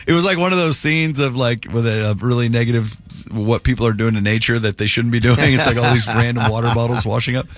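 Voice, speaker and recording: A man's voice: mid-range voice, steady tone, fast, hardly any pauses. A man hosting a morning radio show, chatting casually and rambling on a studio microphone. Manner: chatty, rambling, self-deprecating.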